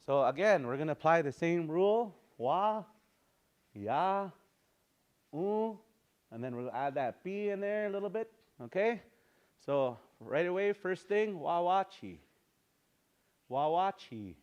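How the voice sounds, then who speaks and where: A man's voice: sits high, expressive, unhurried, long pauses, dull audio. A man teaching a language class, patiently repeating words for his students.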